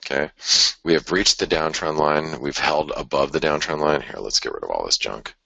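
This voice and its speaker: A man's voice: rumbling low, moderate pace, gravelly, a bit bright, breathy edge, no room sound, highs cut off. A man hosting a live forex chart analysis, thinking aloud in a conversational way with sighs and restarts. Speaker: forex market analyst host.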